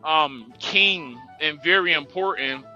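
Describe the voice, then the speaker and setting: A man's voice: fairly high pitch, slow, bright, forceful tone, muffled recording, soft background music. A man speaking on an online panel, stumbling at the start of thoughts and then explaining at length.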